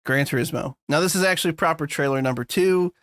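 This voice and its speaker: A man's voice: a little high, quick pace, a bit bright, dry recording, studio quality. A man co-hosting a podcast in a loose, laughing, casual chat, swearing freely. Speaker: podcast co-host.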